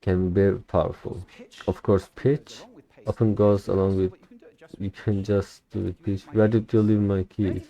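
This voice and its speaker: A young Turkish man practices English by reciting a recorded speech aloud, shadowing it. His fairly low voice is soft, mellow and level, and he speaks deliberately, copying the original's stresses and stumbling occasionally. The sound is lo-fi.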